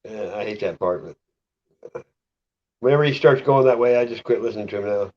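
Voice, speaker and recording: A man's voice: on the low side, brisk. A man chatting casually in a laid-back way, laughing easily. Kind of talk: casual chat. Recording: dull lo-fi recording.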